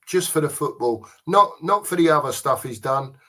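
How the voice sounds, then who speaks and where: A man with a Cockney accent co-hosting a casual pub chat show, blunt and quick to laugh. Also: a little high, expressive, bright, forceful tone. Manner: laughs often, blunt and chatty. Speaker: podcast co-host.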